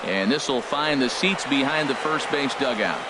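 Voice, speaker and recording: A man's voice: mid-range voice, expressive, very noisy. Polished man calling baseball play-by-play. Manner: brisk, polished broadcast delivery that rises on big hits. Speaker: play-by-play announcer. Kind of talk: video game baseball commentary. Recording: game audio over loud stadium crowd.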